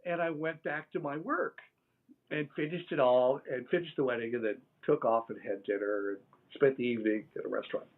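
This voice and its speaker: A man's voice: medium pitch, fairly quick. Middle-aged man telling a story over a phone line. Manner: animated storyteller acting out quoted dialogue. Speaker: interview guest. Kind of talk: storytelling in a live interview. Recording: tinny phone-line audio.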